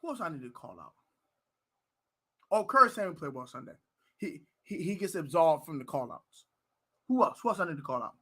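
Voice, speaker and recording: American dude ranting on his team live, bright voice, jumps all over, yells a lot. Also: a little high, brisk, long pauses, husky. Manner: loud, animated ranting, shouting and laughing. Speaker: sports fan show host. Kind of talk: heated live-stream rant.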